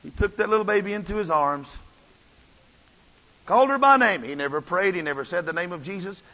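A man's voice: high voice, fast talker, a bit bright. Fervent preacher man, echoing hall. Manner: impassioned, repetitive preaching cadence. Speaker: pastor. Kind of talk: sermon. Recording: dull audio with long church reverb.

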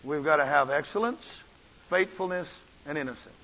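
A man's voice: on the high side, normal speed, sharp tone, slightly rough. Fervent preacher man, echoing hall. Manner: impassioned, repetitive preaching cadence. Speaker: pastor. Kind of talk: sermon. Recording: dull audio with long church reverb.

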